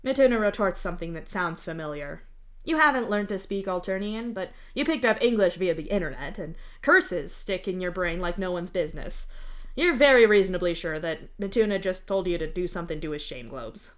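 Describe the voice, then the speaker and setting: A woman streamer reading fan fiction aloud live, in steady narration with the odd small restart. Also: fairly low pitch, brisk.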